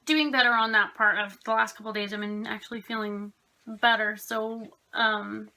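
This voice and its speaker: A woman's voice: mid-range voice, steady tone, normal speed, bright, forceful tone. A young woman vlogging casually at home, telling rambling stories about her pets with lots of fillers. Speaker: craft vlogger. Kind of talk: casual chatty storytelling.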